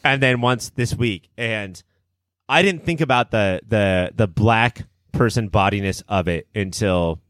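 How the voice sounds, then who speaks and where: A man's voice: lowish voice, dry recording, clean studio sound. A man hosting a casual movie podcast, boisterous and theatrical, swearing freely as he riffs. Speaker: podcast host.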